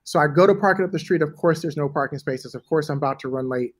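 A middle-aged man telling a story in a casual interview, animated and profane, acting out the people in it. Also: a little high, very fast. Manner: animated, profane, acts out voices in anecdotes. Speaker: guest.

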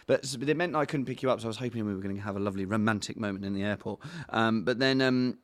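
A man's voice: fairly low pitch, racing, no room sound. An English man in his thirties chatting casually as a podcast co-host, rambling with fillers. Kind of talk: casual chat.

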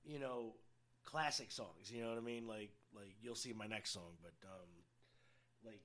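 A man's voice: lowish voice, normal speed, fairly bright tone. A man co-hosting a podcast in casual chat, loose and profane, full of "like" and "you know what I mean.". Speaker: podcast co-host.

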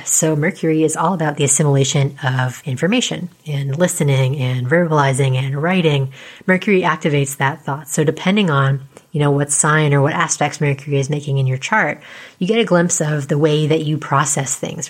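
A woman astrologer with a deep voice explains things casually, chatty and full of fillers and tag questions. She speaks quietly because she's starting to lose her voice.

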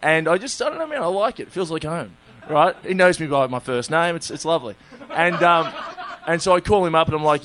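A man's voice: a little high, lively intonation, fairly quick, few pauses, a bit bright, slight background noise. A man with an Australian accent, telling a long funny story in casual chat, often laughing at his own tale. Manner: laid-back, laughing, self-mocking anecdotes. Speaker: comedian guest telling a story.

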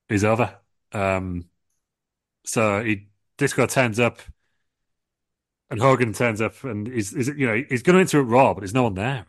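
Young man, co-host, rambling comic storyteller, lowish dry voice. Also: dry recording. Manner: rambling, restarts, swearing. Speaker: podcast co-host. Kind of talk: comedic storytelling.

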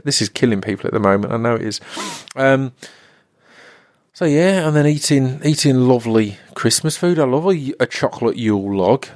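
Guy rambling on his podcast, jokey, dry close sound, regular pitch. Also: animated, normal speed, no echo. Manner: rambling, comic, slips into put-on regional accents. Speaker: podcast host. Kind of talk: solo podcast monologue.

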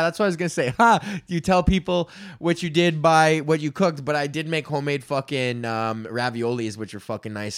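A man's voice: a little high, clean tone, no echo, clean studio sound. A man in his thirties hosting a solo podcast, ranting loosely with lots of swearing and filler words. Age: 30s. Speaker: podcast host.

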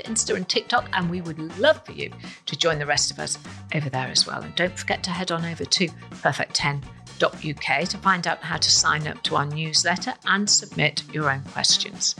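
A woman's voice: low voice, creaky. A woman hosting a quiz podcast, playful and emphatic in a scripted read. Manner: playful, emphatic, lively delivery. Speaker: quiz host.

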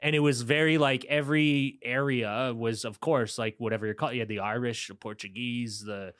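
A man's voice: medium pitch, fairly even intonation, brisk, fairly bright tone, no echo, clean studio sound. A man from Montreal hosting a podcast, ranting bluntly and swearing freely in casual chat. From Montreal, Canada. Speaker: podcast host.

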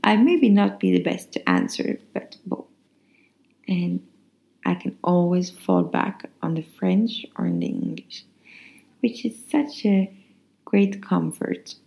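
A woman's voice: lowish voice, sing-song, takes it slowly, gravelly, dark tone, poor audio. A Swedish-accented woman hosting a podcast, telling rambling anecdotes in a casual, chatty way with frequent restarts. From Sweden. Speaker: podcast host. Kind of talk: casual monologue.

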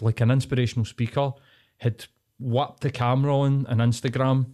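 A man's voice: medium pitch, darkish tone. A man hosting a podcast, talking bluntly and swearing a lot as he rants in casual chat. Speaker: podcast host.

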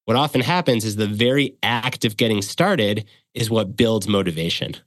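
A man's voice: lowish voice, normal speed, a bit bright, dry recording. A man speaking as a guest expert, explaining ideas earnestly in a coaching tone with practical examples. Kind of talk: conversational explanation.

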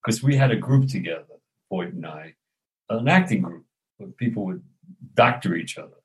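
An older man, an actor telling lively anecdotes in an interview, chuckling and acting out the dialogue. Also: lowish voice, normal speed, breathy edge, rough recording. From Brooklyn, New York. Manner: animated, acts out dialogue, chuckles often.

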